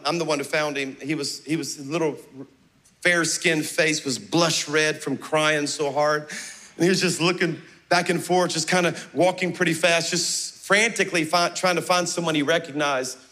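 A middle-aged pastor, preaching a sermon with passionate, animated storytelling. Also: male voice, fairly high pitch. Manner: passionate, animated, acting out dialogue.

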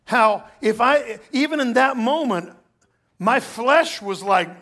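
A middle-aged male pastor preaching a sermon, telling a personal story with lively asides to the congregation. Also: very high voice, slow pace.

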